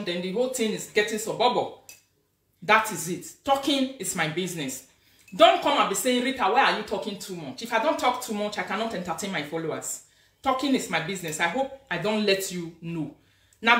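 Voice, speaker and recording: A woman with a Nigerian accent hosting a live video as a social media influencer, talking in an animated, scolding, emphatic way. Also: medium pitch, recorded from a distance. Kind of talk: casual live-stream rant. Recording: echoey room, away from the mic.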